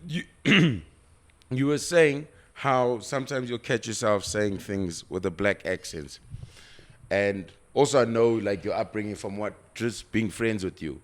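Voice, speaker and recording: A man's voice: fairly low pitch, measured pace. A man from South Africa hosting a casual podcast chat, talking through his points at length with restarts. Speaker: podcast host.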